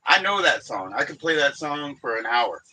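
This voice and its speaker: Male livestream host, casual and profane, bright lively delivery. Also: mid-range voice, normal speed, slight background noise, poor audio. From Washington DC area. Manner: rambling, profane, sings snatches of songs. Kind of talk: casual livestream chat about records.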